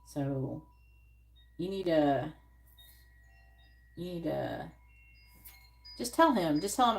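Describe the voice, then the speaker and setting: Lady tarot reader on a live stream, kinda low voice, talks straight and swears a lot. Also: animated, slow pace, gravelly, long pauses, darkish tone. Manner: blunt, frank advice with frequent swearing; coaching, scripting what the client should say.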